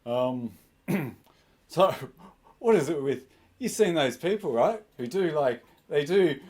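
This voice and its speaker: A man doing stand-up comedy in a small club, with an awkward, self-mocking delivery. His pitch swoops widely as he talks. He keeps laughing at his own punchlines. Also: expressive, takes it slowly, long pauses, a little mellow.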